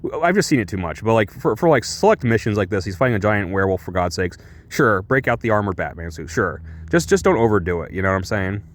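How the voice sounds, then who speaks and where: A man's voice: on the low side, very animated, fast. A man giving a casual, rambling and enthusiastic comic book review.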